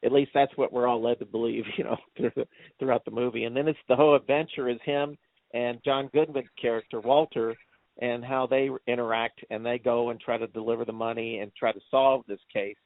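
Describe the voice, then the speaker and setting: A man co-hosting a movie review chat, laughing often as he retells scenes with excitement. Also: medium pitch, a little fast, no room sound. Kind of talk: casual chat. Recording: tinny phone-like dry sound.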